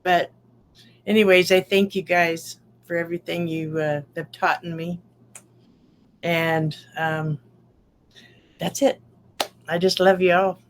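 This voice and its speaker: A woman's voice: on the low side, fairly even intonation, slow pace, long pauses, a little hiss or hum. An older woman with grandchildren giving a rambling, heartfelt testimonial to her online community. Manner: heartfelt, rambling, trailing restarts.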